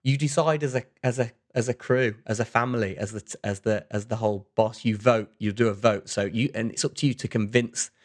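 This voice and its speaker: A man co-hosting a relaxed podcast, rambling through a story with lots of restarts and fillers. His voice sits on the low side. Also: a little fast, hardly any pauses. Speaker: podcast co-host. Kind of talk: casual chat.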